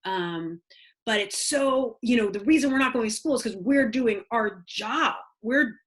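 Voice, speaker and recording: A woman's voice: on the high side, measured pace. Earnest woman giving parenting advice. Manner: earnest, warm storytelling with many "um"s and "you know"s. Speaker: child psychologist guest speaker. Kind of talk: conversational talk with practical advice.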